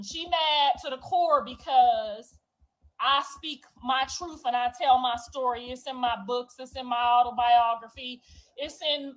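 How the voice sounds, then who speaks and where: A woman delivering a raw, profane, defiant confessional monologue, moving from low brooding to loud outbursts. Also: poor audio. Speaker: reality show cast member.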